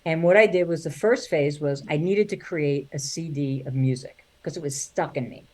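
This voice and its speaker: Middle-aged woman, comic storyteller, lowish voice, plays her relatives' voices and laughs a lot. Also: moderate pace, darkish tone. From New York. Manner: acts out family voices, laughs often. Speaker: guest, singer and comedian. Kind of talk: animated storytelling interview.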